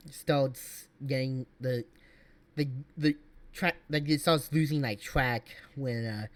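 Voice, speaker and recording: Guy streamer, mid pitch, rambly reaction talk, lots of likes and uhs. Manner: rambling, many fillers and restarts. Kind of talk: casual reaction commentary.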